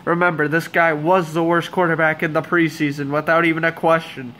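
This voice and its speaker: A young man calling a football game as a fan commentator, hoarse and under the weather, with sarcastic, exasperated asides. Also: on the high side, level tone, a little fast, pushed and bright, slight background noise. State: hoarse, voice giving out. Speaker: amateur play-by-play commentator.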